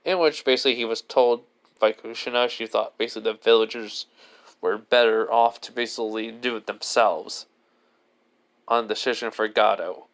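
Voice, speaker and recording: A man's voice: on the low side, fairly even intonation, normal speed, a bit bright. A man casually improvising a fan story, rambling and leaning heavily on filler words. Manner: rambling, leans on "basically" and "you know" fillers.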